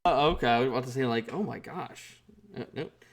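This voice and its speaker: A man with a mid-range voice runs a tabletop game as game master. His narration is halting and full of fillers.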